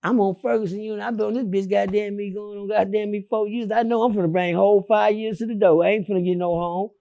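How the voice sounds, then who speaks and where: A man with a high, gravelly voice tells a long story in an interview. He jumps between loud outbursts and hushed murmurs, swearing freely as he goes. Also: fairly even intonation, fast talker, dull audio. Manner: swinging from loud shouts to low murmurs, profane. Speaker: interview guest. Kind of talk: animated storytelling.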